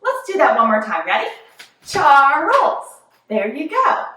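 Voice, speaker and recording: A woman's voice: on the high side, huge pitch swings, fairly quick, sharp tone. A young woman leading a children's yoga class with a cheerful, sing-song, encouraging manner. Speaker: kids yoga teacher. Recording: very echoey room, voice from far off.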